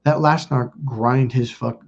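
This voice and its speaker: Husky man telling blunt personal stories. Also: mid-range voice, steady tone, lo-fi sound. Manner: blunt and profane, quick asides. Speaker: self-help video host. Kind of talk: casual confessional storytelling.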